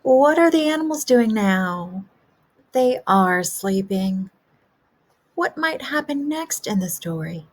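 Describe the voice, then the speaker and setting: A woman kindergarten teacher giving a remote lesson, asking young children gentle, encouraging questions about a story. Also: mid-range voice, lively intonation, takes it slowly.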